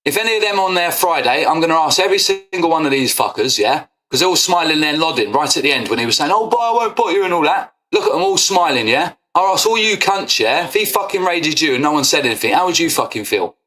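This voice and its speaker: A man rants angrily to camera on his football fan channel, confrontational and swearing throughout, repeatedly throwing in "yeah?". His slightly high voice sounds pushed and bright, with lively intonation, fast delivery, and few pauses.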